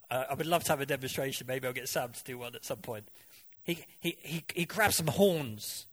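A man's voice: fairly high pitch, a bit bright. A man preaching a sermon in a conversational way, often asking the congregation questions and now and then mimicking voices for effect.

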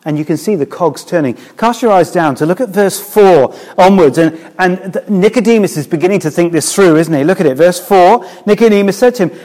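A middle-aged man delivers a sermon, his voice sitting a little higher than most men's. He talks to the congregation in a relaxed, conversational way. He keeps drawing them in with rhetorical questions. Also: a little fast, few pauses. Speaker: preacher.

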